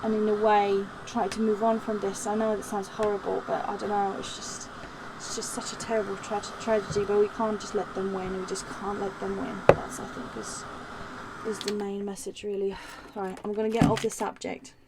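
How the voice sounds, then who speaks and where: A woman speaks at normal speed in a medium pitch with little pitch movement, background noise audible behind her. She's hosting a live crafting demo, chatting ramblingly with frequent ums and restarts and voicing viewer comments as she works.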